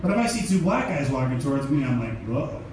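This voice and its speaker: A man doing a profane stand-up comedy set with a loud, ranting delivery, after a casual chat. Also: mid-range voice, sing-song, fast. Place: green room, then comedy club stage. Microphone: handheld stage microphone. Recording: echoey room with loud noise.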